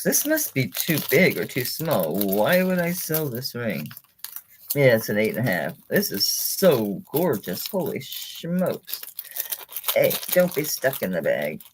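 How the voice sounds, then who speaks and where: A woman running a live jewelry sale, chatting excitedly and talking to the pieces she pulls out. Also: very deep voice, a little hiss or hum. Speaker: online jewelry seller. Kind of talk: live-stream sales chat.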